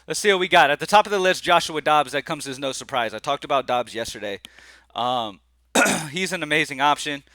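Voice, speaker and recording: A laid-back man chats to his viewers about his betting picks. He rambles and says y'all a lot. His voice sounds bright and forward, recorded dry and close with no room sound. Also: a little high, lively intonation, fairly quick, no echo. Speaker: sports betting picks host. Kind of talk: casual vlog-style talk to camera.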